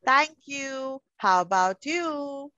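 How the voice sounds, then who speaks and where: A pre-school teacher with an Indian English accent leads an online class for small children in a high, bright, expressive voice at a slow pace. The close, dry sound arrives through muffled video call audio as she affectionately coaxes each child, calling them darling.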